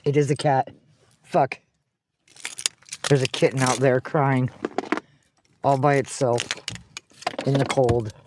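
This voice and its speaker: A woman's voice: very deep voice, steady tone, slow, pauses often, a little mellow. Woman, outdoor vlog, talks to herself and to cats, swears a lot, noisy street recording. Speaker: vlogger.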